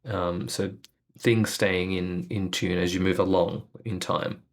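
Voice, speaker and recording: A man calmly explaining musical tuning in a video lesson, thoughtful and musing, with frequent fillers. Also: low-pitched, takes it slowly. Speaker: music educator.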